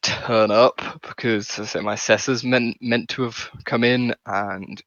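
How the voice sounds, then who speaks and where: A man's voice: medium pitch, fairly even intonation, unhurried, fairly bright tone, no echo. A man playing a tabletop game over a voice call, weary and rambling, swearing about his job. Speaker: player. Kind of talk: casual chat over a voice call. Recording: dull dry mic on a call.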